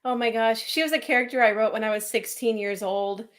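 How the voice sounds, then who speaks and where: A woman author talking in a casual video-call interview, enthusiastic and quick to praise her cast. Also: a little high, fairly even intonation. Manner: enthusiastic, warm praise with laughs. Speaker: author and producer.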